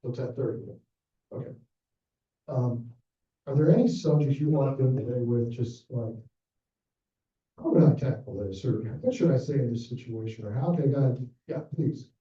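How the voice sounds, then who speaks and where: Middle-aged male presenter, storytelling workshop style, dark voice, far-off mic in a very echoey, muffled room. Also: medium pitch, moderate pace, long pauses. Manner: storytelling, acts out quoted dialogue. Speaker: planned giving director presenting a workshop. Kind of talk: conference talk to fundraisers. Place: conference room with an audience. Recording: distant, echoey, dull room recording.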